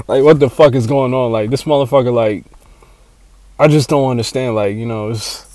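A man hosting his own solo podcast, rambling and excitable, swearing constantly as he talks. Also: mid-range voice, fairly quick, dry recording. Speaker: podcast host. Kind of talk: casual solo podcast monologue.

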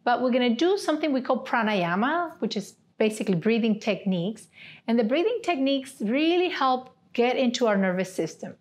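A woman yoga therapy instructor leading a seated class with gentle step-by-step cues, often checking in with "right?". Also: fairly high pitch, big pitch swings, brisk.

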